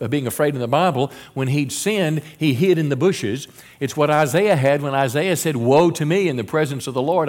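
Stammering, earnest male preacher. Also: mid-range voice. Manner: earnest preaching with repeated stammered restarts and quoted scripture. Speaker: pastor. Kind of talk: sermon.

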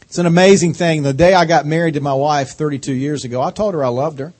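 A man's voice: on the high side, darkish tone, husky. A middle-aged man with a Southern accent preaching a sermon as a guest speaker, folksy and joking, drawing out his words. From North Carolina. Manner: folksy and joking, slow drawling delivery.

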